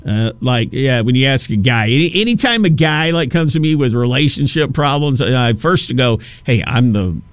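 A man's voice: mid-range voice, lively intonation, normal speed, few pauses, smooth, no echo. A man in his fifties hosting a talk radio show, rambling through a casual monologue with many restarts and asides. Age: 50s.

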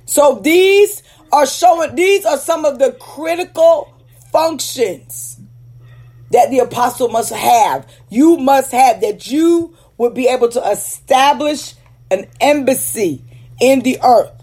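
Woman, high voice, preacher, teaching sermon, emphatic, deliberate stresses. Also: animated, warm tone. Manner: emphatic, checks in with "Okay?"; slows down to stress key words. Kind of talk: teaching sermon with scripture readings.

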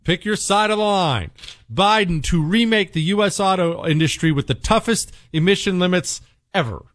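A man hosting a talk radio show, delivering an opinionated, sarcastic monologue. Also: normal speed. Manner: sarcastic, animated, swings pitch for emphasis.

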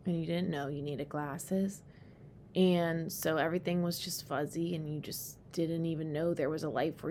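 A woman hosting a solo podcast, talking candidly and rambling, swearing freely and getting animated when she quotes herself. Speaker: podcast host. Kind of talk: casual solo podcast monologue. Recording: faint background rumble.

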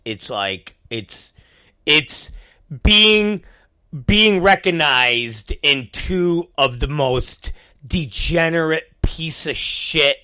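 A man's voice: medium pitch, sharp tone. A man in a casual monologue, rambling and self-deprecating, swearing freely as he goes.

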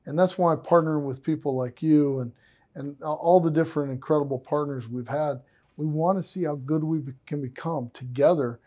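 Enthusiastic man with a warm, higher voice. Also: normal speed. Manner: enthusiastic, animated storyteller. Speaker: interviewer. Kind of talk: casual conversation.

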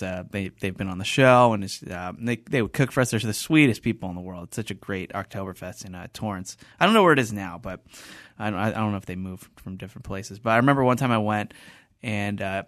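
A man hosting a podcast in casual chat, telling stories with lots of laughs and animated bursts. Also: lowish voice, dry recording, clean studio sound. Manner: animated storyteller, laughs often. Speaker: podcast host.

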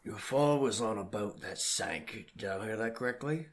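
A man's voice: lowish voice, expressive, normal speed. A man playing a blunt investigator with a put-on British accent, questioning others during a tabletop game. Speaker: player.

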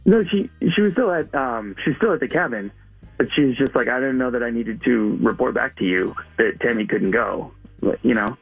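Male caller, husky and gravelly, hesitant, muffled lo-fi phone line. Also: medium pitch, lively intonation, normal speed, soft background music. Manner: hesitant, lots of ums. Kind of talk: telling a personal story on the phone.

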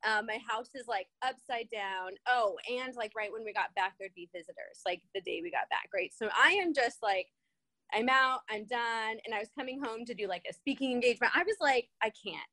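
A woman's voice: fairly high pitch, brisk, sharp tone, no echo. A woman telling stories animatedly in a casual conversation, often laughing as she talks.

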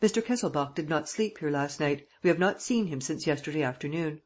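A polite hotel head waiter from a spoken storybook, answering questions in a plain, guarded way, as a reader puts him on. The voice is husky and pitched in the middle range. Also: animated, fairly quick. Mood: matter-of-fact.

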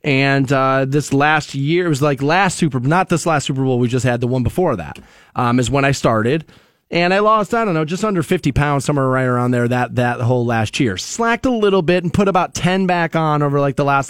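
A man's voice: medium pitch, lively intonation, brisk, no echo, studio quality. A male radio show host telling a long personal story in casual morning talk, rambling with fillers and restarts. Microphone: studio microphone.

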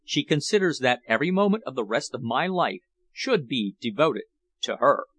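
Audiobook: male reader voicing a grim, formal nobleman, measured tone. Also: mid-range voice, very animated, fairly bright tone, slightly rough, dry recording. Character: grave, formal English nobleman.

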